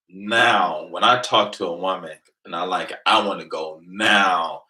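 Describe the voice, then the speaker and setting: Deep-voiced man telling a brash story. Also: slow, rough recording. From Venice, California. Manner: animated, swings between low mutters and loud outbursts; profane and boastful. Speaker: livestream host. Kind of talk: casual storytelling.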